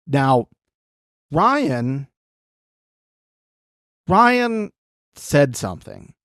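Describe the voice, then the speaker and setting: A man's voice: mid-range voice, sing-song, normal speed, dry recording, clean studio sound. A man co-hosting a comedy podcast, chatting casually with sarcastic, jokey banter. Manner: sarcastic, jokey, mock-outraged. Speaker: podcast co-host.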